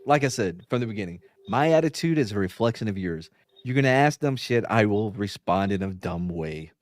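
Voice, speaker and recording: A man's voice: on the low side, expressive, brisk, dry recording, clean studio sound. A man, a former police officer hosting a podcast, telling stories in a blunt, profane, swaggering way. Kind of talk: casual podcast chat, storytelling.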